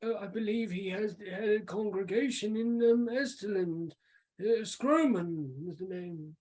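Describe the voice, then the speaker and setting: A man voicing a courteous male priest of a church in a tabletop game, speaking politely with gentle hesitations and a formal, welcoming manner. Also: sits high, a little slow, low-quality recording.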